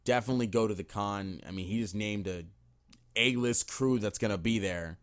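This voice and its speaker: A man's voice: on the low side, moderate pace, smooth. A young man hosting a podcast, chatting casually in a laid-back, slangy way with some swearing. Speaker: podcast co-host.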